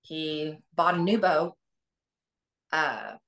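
A woman's voice: sits low, expressive, extremely slow, creaky, a bit bright. A middle-aged woman, a guest on an interview, recalling family memories in an earnest, reflective way with many restarts. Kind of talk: interview, personal recollection.

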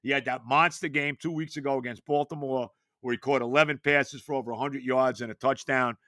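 A man's voice: medium pitch, fairly even intonation, fairly quick, bright, forceful tone, no room sound, clean studio sound. A man in his later years hosting a sports podcast, talking casually and with emphasis, often asking rhetorical questions. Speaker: podcast host.

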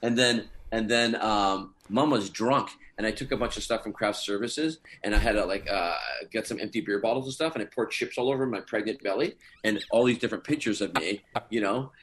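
Guy w a lowish voice spinning fun set stories, animated, keeps chuckling. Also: a little fast, hardly any pauses. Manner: animated storyteller, chuckles often. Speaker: guest actor. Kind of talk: casual anecdote telling.

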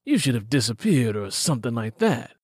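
A man reading an audiobook, voicing a stern, skeptical small-town male police officer who questions slowly and bluntly. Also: medium pitch, big pitch swings, a little mellow, slightly rough, no echo, studio quality. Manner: slow, deliberate, blunt questioning. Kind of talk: audiobook character voice.

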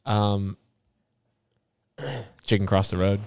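A man's voice: on the low side, drawn-out words, a little mellow, smooth, no echo. A man co-hosting a casual podcast who chimes in with wry, teasing asides. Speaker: podcast co-host. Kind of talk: casual chat.

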